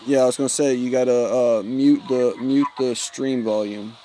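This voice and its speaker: A man's voice: medium pitch, steady tone, moderate pace, crowd noise. A man, chatting casually with viewers while streaming a mobile game. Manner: laid-back, chatty, self-teasing. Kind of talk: casual live-stream chat.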